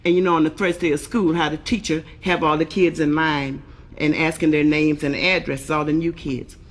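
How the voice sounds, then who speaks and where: A woman's voice: low-pitched, fairly even intonation, moderate pace. A woman comedian telling profane, bawdy jokes in brash live stand-up.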